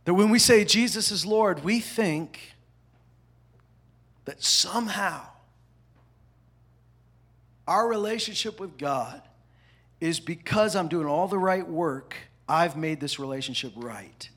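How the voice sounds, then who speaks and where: A man preaching with a fairly high, husky voice. He swings between loud, punchy lines and hushed, almost whispered asides, keeping the sermon lively and conversational. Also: takes it slowly, long pauses. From parents from the American South. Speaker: pastor.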